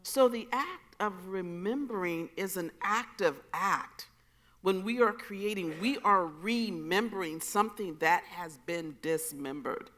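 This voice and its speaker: A woman poet speaking on a festival panel, earnest, emphatic and expressive. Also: lowish voice, a little slow. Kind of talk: panel conversation. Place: festival stage.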